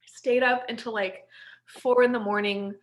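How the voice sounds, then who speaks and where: A woman in her thirties telling stories in a rambling, animated casual chat, laughing often. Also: on the high side, normal speed. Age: 30s. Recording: echoey room.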